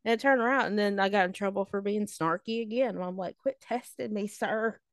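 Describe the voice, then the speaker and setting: A woman in her late thirties, a podcast co-host telling high school stories in a snarky, animated way. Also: quick pace, clear, resonant tone, no room sound, clean studio sound. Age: late 30s. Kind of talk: casual storytelling chat.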